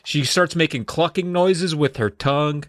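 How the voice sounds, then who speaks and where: A man's voice: a little high, moderate pace, no echo, studio quality. A man co-hosting a podcast who recaps a story in casual chat and acts out the quotes. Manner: animated, acts out quotes in put-on voices. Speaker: podcast co-host.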